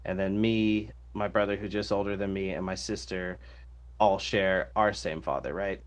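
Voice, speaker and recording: A man with a fairly low voice talks loosely on a podcast, piling up fillers as he goes. His delivery is unhurried and conversational, like he's chatting with friends. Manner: relaxed, rambling, many fillers. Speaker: podcast co-host. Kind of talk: casual podcast discussion.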